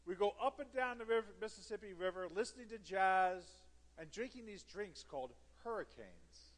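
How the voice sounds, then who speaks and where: A man giving a conference talk, telling an animated, theatrical story with emphatic repetition. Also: high-pitched, moderate pace. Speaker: conference speaker. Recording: long hall reverb.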